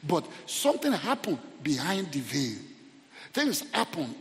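A man preaching a sermon as pastor, animated, rising to shouts at the peaks and drawing responses from the congregation. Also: fairly high pitch, measured pace. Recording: long hall reverb.

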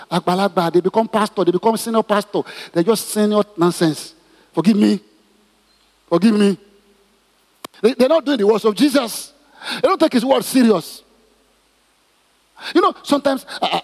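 A man's voice: sits high, husky, long reverb tail. A middle-aged man preaching a sermon as pastor, emphatic and repetitive, with stammered restarts.

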